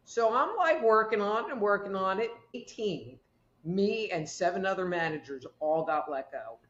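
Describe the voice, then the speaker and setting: A woman's voice: mid-range voice, lively intonation, moderate pace. Woman guest, rambling storyteller, echoey muffled recording. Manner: rambling, acts out quoted voices. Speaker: guest, medical intuitive. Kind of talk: casual storytelling chat.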